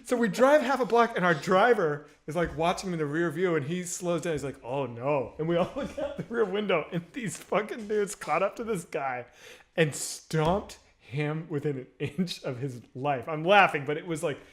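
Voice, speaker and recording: Man, forties, high voice, casual storytelling, laughs and swears. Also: expressive, normal speed. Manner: laughs while telling a story, swears freely. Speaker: comedy podcast co-host.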